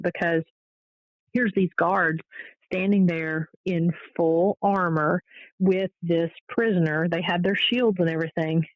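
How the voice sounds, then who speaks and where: A woman paranormal investigator, a guest on the show, telling her stories in a casual, animated way. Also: lowish voice, no echo. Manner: animated storytelling, fillers and restarts. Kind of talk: casual interview storytelling. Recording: dull lo-fi audio.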